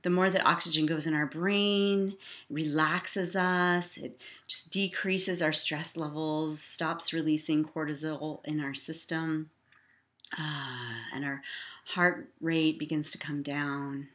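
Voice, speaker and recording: Slow, bright-voiced woman leading laughter. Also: low-pitched, fairly even intonation. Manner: cheery, encouraging, bursts into loud laughter and cheers. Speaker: laughter yoga teacher. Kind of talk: guided laughter exercise.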